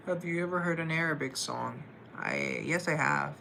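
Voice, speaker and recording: A man's voice: fairly high pitch, wildly swooping pitch, moderate pace, vocal fry, hardly any pauses, noisy background. A man hosting a casual livestream, answering viewer comments with a playful, joking manner. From United States. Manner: playful, joking, talks to himself. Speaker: livestream host.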